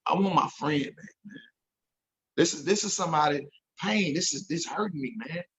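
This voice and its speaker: A man's voice: on the high side, moderate pace, fairly bright tone, poor audio. A man telling an emotional story as an interview guest, earnest and repeating himself when moved.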